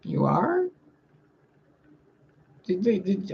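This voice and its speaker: A woman's voice: low-pitched, lively intonation, a little slow, slightly rough, highs cut off. A woman speaking as a spiritual reader in a blunt, sarcastic, crude casual vlog monologue.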